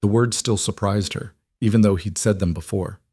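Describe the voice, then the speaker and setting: A man narrating a dark romance story in a measured, dramatic way. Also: lowish voice, fairly even intonation, slightly rough, no room sound, clean studio sound. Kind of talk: scripted narration.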